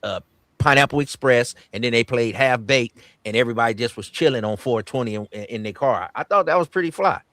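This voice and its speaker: A man's voice: medium pitch, brisk, fairly bright tone, no room sound. A middle-aged man casually telling stories in a laid-back, slangy way as a podcast co-host. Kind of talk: casual group chat.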